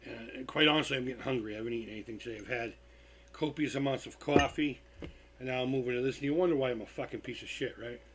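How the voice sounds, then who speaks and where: A man's voice: medium pitch, fast, slight background noise. A tired man hosting a live stream, telling stories in a loose, profane, casual way. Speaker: livestream host.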